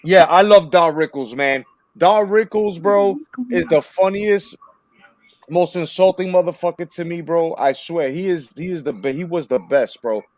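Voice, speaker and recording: A man hosting a casual movie-talk livestream, telling stories in an animated, swearing way. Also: on the high side, moderate pace, no echo. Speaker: livestream host.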